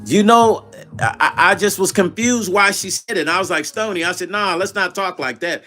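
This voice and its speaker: Man, middle-aged, livestream host, bright slightly high voice. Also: moderate pace, faint music behind. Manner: reads viewer chat aloud and retells calls in quoted dialogue. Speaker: vlog host. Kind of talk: casual livestream storytelling.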